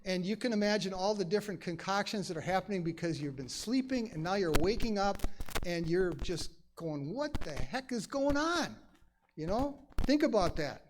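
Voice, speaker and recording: A man's voice: sits high, animated, brisk, background noise. A man teaching a conversational Bible study in a church, emphatic and chatty, full of asides. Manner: emphatic, acts out quoted lines; chatty, many "you know" asides.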